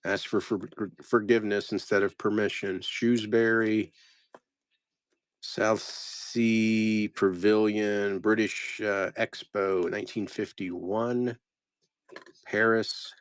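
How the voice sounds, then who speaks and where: In clean, echo-free studio audio, a man who resells postcards slowly works through a big pile, casually murmuring place names one by one and drifting off. His voice is fairly low and clear-toned, with little movement in pitch.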